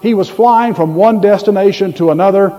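A man preaching a sermon, animated and storytelling, rising loud on his key points. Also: sits high, fairly quick, dull audio. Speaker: pastor. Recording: long hall reverb.

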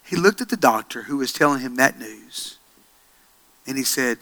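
A middle-aged male pastor preaching a sermon, swinging from hushed storytelling to loud, excited passages. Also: mid-range voice, normal speed.

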